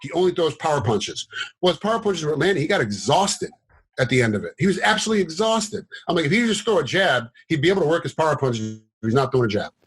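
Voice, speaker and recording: A middle-aged man, a former fighter turned commentator and referee, telling stories in a casual interview, animated and rambling with fillers. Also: a little high, quick pace, breathy edge, rough recording. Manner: animated, acts out quotes in a raised voice; rambling with many fillers and restarts.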